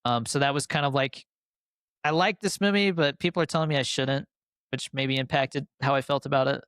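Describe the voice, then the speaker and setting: Smooth-voiced man chatting about films. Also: mid-range voice, fairly quick, fairly bright tone, no room sound, studio quality. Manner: rambling, filler-heavy, enthusiastic. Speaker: podcast co-host. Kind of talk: casual film review chat.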